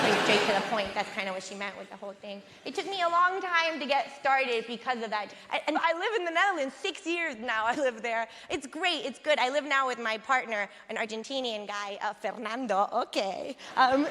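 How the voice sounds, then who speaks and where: A female stand-up comedian with a distinctive, unusual voice, telling deadpan, rambling, self-deprecating stories on a theatre stage. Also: a little high, slight background noise. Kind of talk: stand-up routine. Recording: echoey theatre with loud audience laughter.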